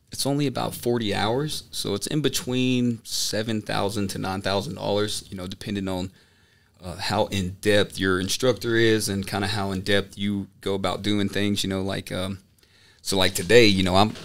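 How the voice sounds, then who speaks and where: Low-voiced man telling an animated story. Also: moderate pace, gravelly. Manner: animated storytelling, filler-heavy. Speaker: podcast guest, student pilot. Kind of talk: casual chat.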